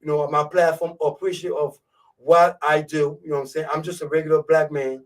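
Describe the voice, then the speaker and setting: A man's voice: a little high, flat delivery, quick pace, recorded from a distance, rough recording. A man with a thick French accent hosting a live radio show in a laid-back way. He talks casually and keeps checking in with his listeners. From Côte d'Ivoire. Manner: laid-back, keeps saying "you know what I'm saying". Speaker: radio host.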